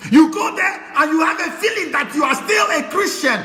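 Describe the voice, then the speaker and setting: A Nigerian man preaches with fire, lurching from shouted declarations to low, hushed warnings. His voice is high and bright and leaps all over its range. The sermon rings through a large hall with long reverb. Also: animated, moderate pace. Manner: fiery, swings between shouting and hushed tones.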